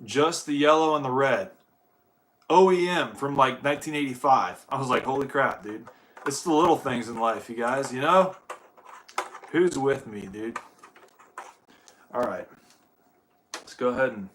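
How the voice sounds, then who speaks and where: A man's voice: mid-range voice, a little slow, pauses often, fairly bright tone, slight background noise. A young man from Ohio chatting casually and profanely to his livestream viewers while setting up gear. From Ohio, United States. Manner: rambling, profane, addresses viewers as dude. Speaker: livestream host.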